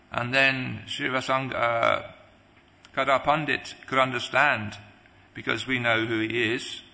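Slow, gravelly male preacher in a hall. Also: medium pitch, steady tone, sharp tone. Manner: halting, many restarts and pauses. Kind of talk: devotional sermon.

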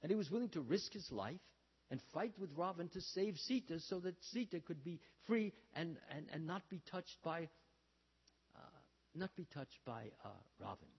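A man giving a storytelling sermon, talking haltingly with many fillers and restarts, and acting out the lines he quotes. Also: on the high side, very animated, husky. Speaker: religious speaker. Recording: dull, reverberant hall sound.

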